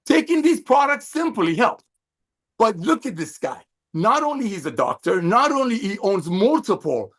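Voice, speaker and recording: Effusive high-voiced man on a video call. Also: a bit bright. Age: middle-aged. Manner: effusive, emphatic, preacher-like. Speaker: company executive. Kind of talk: motivational sales pep talk.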